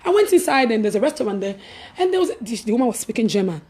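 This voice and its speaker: Speaking at a quick pace in a voice on the high side, a Nigerian-accented woman who vlogs as an evangelist shares a story casually. Her telling is lively, punctuated by laughter, and shifts between loudness and hushed tones.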